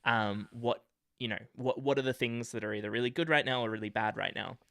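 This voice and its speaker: A man with a low, gravelly voice and a sharp, bright tone co-hosts a casual podcast. He speaks reflectively, with plenty of hesitations and fillers. The recording is close and dry. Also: fairly quick, no room sound. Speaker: podcast co-host.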